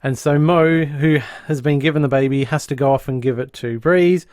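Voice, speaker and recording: A man co-hosting a podcast, recapping a sitcom plot in lively casual chat and dropping into quick voices for the characters. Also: a little high, no room sound, clean studio sound. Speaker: podcast co-host.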